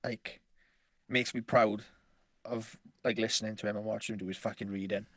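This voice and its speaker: A man's voice: lowish voice, steady tone, normal speed, fairly bright tone, no echo. A man co-hosting a podcast in casual chat, rambling and swearing, often laughing. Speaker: podcast co-host.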